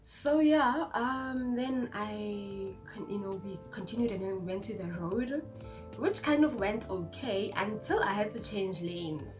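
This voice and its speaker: A woman's voice: mid-range voice, measured pace, soft background music. Chatty South African woman in her twenties. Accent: South African, Zulu-inflected. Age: 20s. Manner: chatty, animated, code-switching with acted quotes. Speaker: vlogger. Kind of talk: casual storytime vlog.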